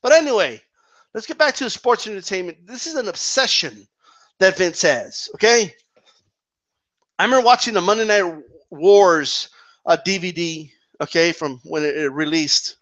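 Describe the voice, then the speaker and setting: A man's voice: high-pitched, moderate pace, a bit bright. A man delivering an exasperated, profane rant about wrestling, often ending points with "okay?" or "right?". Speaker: wrestling commentary vlogger. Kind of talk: ranting opinion monologue.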